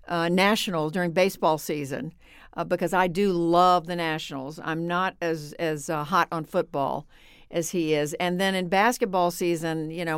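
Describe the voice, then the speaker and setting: A woman co-hosts a casual holiday chat, measured and gentle with small pauses. Her voice is lowish, smooth and clear, recorded dry and close. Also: no room sound. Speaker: co-host, journalist.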